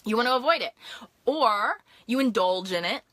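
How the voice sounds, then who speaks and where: A young woman coach on a live stream, excited and fast-talking, with lots of fillers and quick asides to her viewers. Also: fairly high pitch, no echo. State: hyped up. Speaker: life and business coach.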